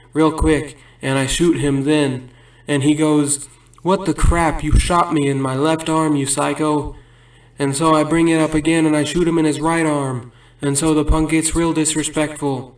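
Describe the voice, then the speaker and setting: Guy cracking cheesy jokes and laughing at himself, kinda high voice, far off mic in an echoey room. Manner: laughs at his own jokes between bits; rambling absurd storytelling. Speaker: comedian. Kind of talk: stand-up joke telling. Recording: roomy sound from a distant mic.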